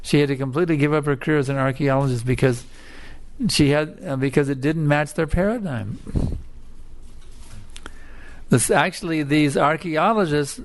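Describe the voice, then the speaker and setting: A man delivering a scripture talk with a gravelly, creaky voice. He tells it as a story, circling back to repeat his points with emphasis. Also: on the high side. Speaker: preacher. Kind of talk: scripture lecture.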